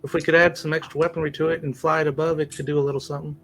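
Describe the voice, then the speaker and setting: Fast-talking man player. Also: fairly high pitch, level tone, a bit bright, slight background noise. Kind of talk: casual tabletop role-play.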